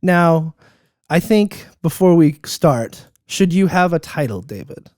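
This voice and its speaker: A young man hosts a casual podcast with upbeat banter and frequent laughs. His voice sits a little high. The close mic sounds dry, with no room around it. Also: expressive, slow pace, darkish tone, no room sound. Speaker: podcast host. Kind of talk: casual chat.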